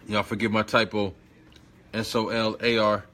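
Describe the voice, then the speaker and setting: A man's voice: lowish voice, level tone, normal speed, a bit bright. A man giving an informal spiritual lesson, slangy and emphatic, repeating phrases and coaching the listener directly. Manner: talks straight to the listener, coaching tone. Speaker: spiritual teacher.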